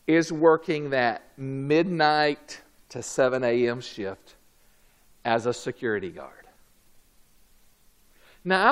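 A man preaching a sermon, swinging from loud, high outbursts down to low, quiet lines. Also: clean tone.

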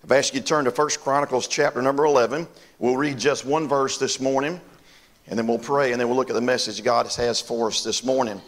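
Gravelly older pastor preaching. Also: male voice, medium pitch, fairly even intonation, brisk. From North Carolina, US. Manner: folksy storytelling, talks straight to the congregation. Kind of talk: sermon.

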